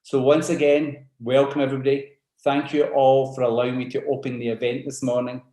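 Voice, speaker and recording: A man's voice: mid-range voice, flat delivery, a little fast, warm tone, roomy sound. A man with a mixed South African and Scottish accent opening a webinar with formal, courteous announcements. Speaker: event host.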